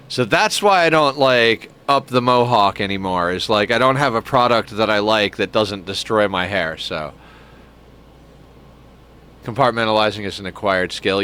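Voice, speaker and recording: A young man chats through a game stream, drifting between gameplay and personal musings, full of filler words. His voice is clear and smooth, with a bright edge. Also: medium pitch. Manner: rambling, reflective, many filler "like"s; cooing baby talk to a pet. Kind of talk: casual gameplay stream chat.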